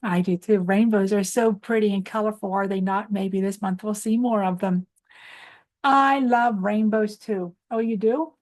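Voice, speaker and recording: A woman's voice: mid-range voice, steady tone, measured pace, a little mellow. A woman hosting a children's morning lesson, coaxing little ones through clap-along chants and answering her own questions for them. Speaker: preschool teacher host.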